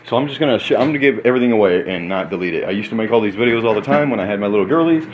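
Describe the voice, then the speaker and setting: A man in his thirties, excitable and rambling in a casual vlog monologue, sometimes talking while eating in a hotel room. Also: fairly low pitch, racing, dull audio, a little hiss or hum. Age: 30s. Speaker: vlogger.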